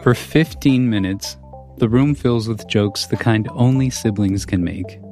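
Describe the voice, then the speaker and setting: A man narrating a documentary report as the reporter, in a measured, calm storytelling manner. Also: fairly low pitch, over music. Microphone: studio voice-over mic.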